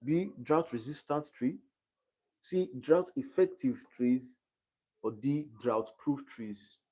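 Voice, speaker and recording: A man's voice: mid-range voice, animated, slow, a little mellow. Young man tutoring on a live stream. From Nigeria. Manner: reads quiz options aloud and checks understanding.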